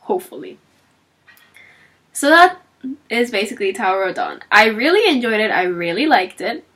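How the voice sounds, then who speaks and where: Animated woman chatting about a book. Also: medium pitch, moderate pace. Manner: animated storytelling, acting out characters' lines; chatty with frequent fillers and laughs. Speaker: book reviewer. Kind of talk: casual book talk.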